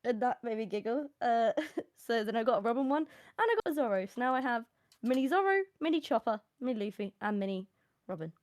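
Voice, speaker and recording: Young woman telling stories on stream, bit high voice, laughs a lot, dry close mic. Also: brisk, no room sound. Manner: animated storyteller, laughs often, acts out quotes. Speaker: teacher. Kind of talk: casual chat on a live stream.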